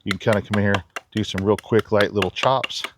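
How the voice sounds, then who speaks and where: A man's voice: lowish voice, fairly even intonation, fairly quick, heavy background noise. A man chatting casually as he shows off a knife outdoors in his backyard, laid-back with giggly asides. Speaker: knife reviewer. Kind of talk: casual outdoor demo talk.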